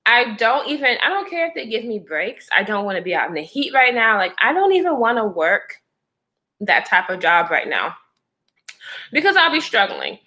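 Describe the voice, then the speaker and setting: Woman, livestreamer, casual chat with viewers, lively swooping pitch, fairly high voice, talks to chat as girl and y'all. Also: normal speed. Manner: chatty, addresses viewers as girl and y'all, answers chat comments; animated, with frequent laughter. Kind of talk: casual storytelling to a live chat.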